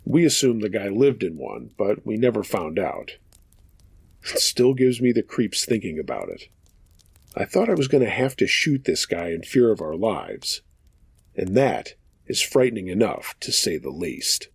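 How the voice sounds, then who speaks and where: A man's voice: on the low side, big pitch swings, unhurried, gravelly, husky. A man hosting a show of true scary stories, reading listener accounts aloud in a casual, profane storytelling manner.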